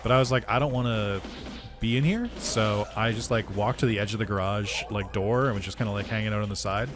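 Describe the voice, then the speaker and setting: A man, a gaming video creator, casually telling a story over gameplay, animated, swearing and laughing as he acts out what people said. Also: lowish voice, brisk.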